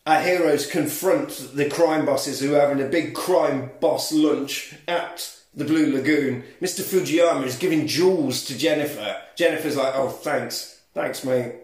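A man's voice: a little high, unhurried, few pauses, roomy sound. A man, casually recapping a film's plot on a podcast and acting out its lines. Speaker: podcast co-host. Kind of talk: casual comedic film recap.

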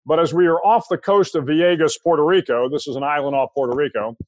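An older American man, a guest in an interview, telling a long anecdote in a relaxed, conversational way with frequent restarts. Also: a little high, quick pace, no room sound, lo-fi sound. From United States. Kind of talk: storytelling anecdote.

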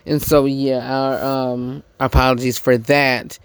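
A man hosting a podcast, giving a casual commentary monologue, halting and repeating himself with many fillers. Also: medium pitch, level tone, clean tone, dry recording. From United States. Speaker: podcast host.

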